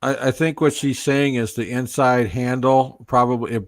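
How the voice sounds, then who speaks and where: A man's voice: mid-range voice, steady tone, normal speed, dry recording, studio quality. A man joining a live stream as a guest, chatting casually and easily. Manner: easygoing, brief replies, laughs along. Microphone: computer mic.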